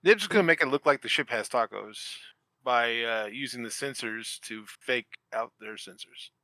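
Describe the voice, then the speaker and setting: A man's voice: mid-range voice, normal speed, pushed and bright, no echo. A man playing a tabletop game, asking hesitant, curious questions. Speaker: player.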